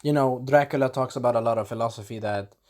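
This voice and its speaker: A man giving a casual spoken episode recap, animated and breaking into character voices, clearing a scratchy throat. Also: fast. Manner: animated, acts out characters in sudden high voices. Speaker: video reviewer.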